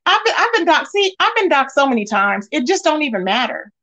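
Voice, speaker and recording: Casting: high-pitched woman host, sassy, scolding gossip commentary. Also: big pitch swings, brisk, pushed and bright. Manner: sassy, emphatic, scolding asides. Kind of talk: casual gossip commentary reading chat.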